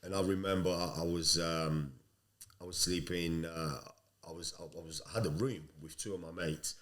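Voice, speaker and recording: A man's voice: sits low, steady tone, moderate pace, a bit bright. A man in his thirties, a podcast guest, telling his life story in a blunt, streetwise way with plenty of swearing. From Sicily. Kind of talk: casual storytelling.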